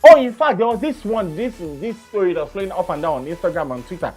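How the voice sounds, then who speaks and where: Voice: mid-range voice, lively intonation, quick pace, darkish tone, faint music behind. Emphatic Nigerian radio host. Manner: emphatic, repeats phrases for stress. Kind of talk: opinionated radio monologue.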